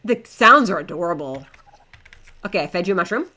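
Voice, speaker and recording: A woman's voice: on the low side, animated, fairly quick, bright, forceful tone. A young woman streaming a game live, chatting to herself and her in-game pets in a flustered, talkative way. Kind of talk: live gameplay commentary.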